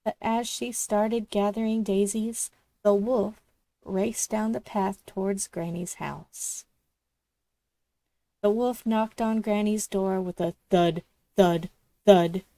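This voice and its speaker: Slow, gravelly woman reading a storybook. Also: medium pitch, steady tone, warm tone, dry recording. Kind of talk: children's storybook read-aloud.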